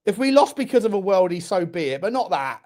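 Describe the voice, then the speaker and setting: A young man hosting a live football watchalong furiously rants and swears at the referee. His high-pitched voice is fast, sing-song, and a little mellow.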